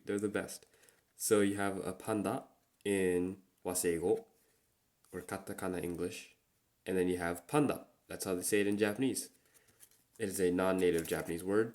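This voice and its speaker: Man, low-ish voice, casual solo chat host, relaxed, repeats words slowly. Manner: relaxed, slow and repetitive when pronouncing words. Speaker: podcast host.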